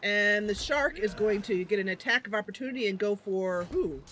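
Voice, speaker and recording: A woman's voice: mid-range voice, moderate pace, a bit bright, slight background noise. A woman streamer narrating a game roleplay in a giggly, rambling way.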